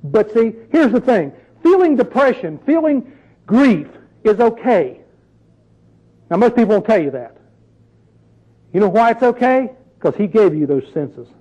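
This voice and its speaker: A man's voice: high voice, big pitch swings, measured pace, pauses often, warm tone, muffled recording. A man preaching a sermon in a conversational, emphatic way, full of rhetorical questions.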